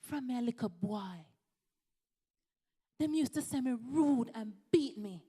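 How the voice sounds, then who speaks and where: A woman's voice: on the high side, expressive, unhurried, warm tone, husky. Woman quoting a troubled young Jamaican man. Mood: earnest.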